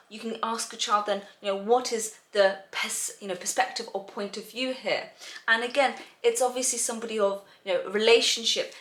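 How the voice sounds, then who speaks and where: A woman's voice: fairly high pitch, fairly bright tone. A woman tutor explaining to parents how to prepare children for reading exams, talking in a chatty way full of "um" and "you know". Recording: roomy echo.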